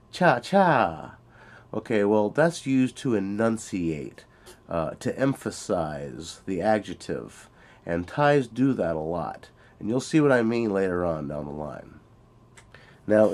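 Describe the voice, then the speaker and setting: Slow, low-voiced man teaching a language. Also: a little mellow. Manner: slow, deliberate, repeats example phrases with emphasis. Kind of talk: spoken language lesson. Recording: home-made audio lesson.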